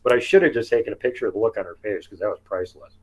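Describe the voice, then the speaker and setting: A man with a somewhat low voice tells his camping stories in a relaxed, chatty way. He laughs easily and slips into acting out what people said. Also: racing, breathy edge, rough recording. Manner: chatty, laughs often, acts out quotes. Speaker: guest telling field encounters. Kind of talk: casual storytelling interview.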